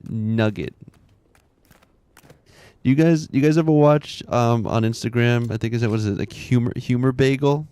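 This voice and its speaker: A man's voice: mid-range voice, moderate pace, long pauses, dark tone, clear, resonant tone, dry recording. A man in his thirties chatting casually while streaming a game, rambling, laughing often and muttering to himself.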